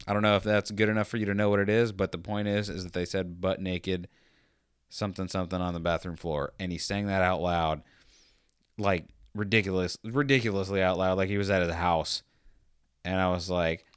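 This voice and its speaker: A man hosting a podcast, telling a rambling, animated anecdote in a casual monologue and acting out the quotes as he goes. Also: deep voice, normal speed, clean tone, no room sound, studio quality. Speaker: podcast host.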